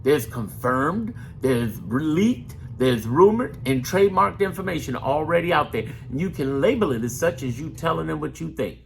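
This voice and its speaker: A slightly high, gravelly male voice moves at normal speed with few pauses, over slight background noise. He's a gaming YouTuber whose casual how-to talk to camera is brash and profane. He's fond of slipping into put-on voices.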